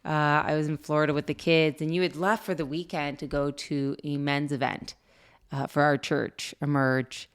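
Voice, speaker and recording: Smooth-voiced woman telling a lively story. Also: low-pitched, moderate pace. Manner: lively, laughing storyteller with many "you know" fillers. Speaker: podcast co-host. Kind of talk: casual storytelling chat.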